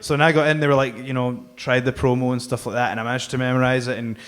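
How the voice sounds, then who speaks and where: A man's voice: medium pitch, flat delivery, fast talker, fairly bright tone. A man, a guest wrestler telling rambling, self-mocking stories on a live podcast stage. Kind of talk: casual anecdote telling.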